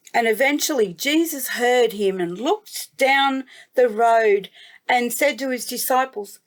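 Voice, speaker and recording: A woman from New South Wales with an Australian accent, gently telling a Bible story to children as a guest storyteller. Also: on the high side. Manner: gentle, slow, warmly emphatic.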